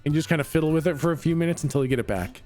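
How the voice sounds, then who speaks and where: A man's voice: fairly high pitch, rapid-fire, a little mellow, soft background music. A man running a tabletop game as game master, laughing often and improvising with lots of fillers.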